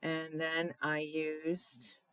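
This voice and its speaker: A woman's voice: sits low, little pitch movement, drawn-out words, fairly bright tone, clear, resonant tone, low-quality recording. A woman hosting a card-making tutorial in a chatty way, often checking in with "right?" and laughing at her own slips. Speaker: crafting demonstrator.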